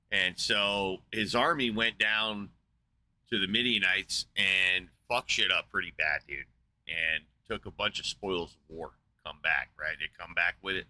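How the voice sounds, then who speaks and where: Crude mocking guy arguing on a live call, lowish voice, really sharp bright tone. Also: fairly even intonation, measured pace. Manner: profane, mocking, combative. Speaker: show host arguing with a caller. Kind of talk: heated live debate, crude retelling.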